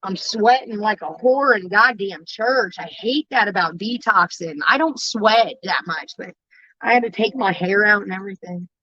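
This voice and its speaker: A woman's voice: medium pitch, sharp tone, no echo. A woman on her own livestream, talking candidly and emotionally to viewers, swearing often and stopping to restart her sentences. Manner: raw, emotional, swears constantly, halting restarts. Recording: dull, dry home stream audio.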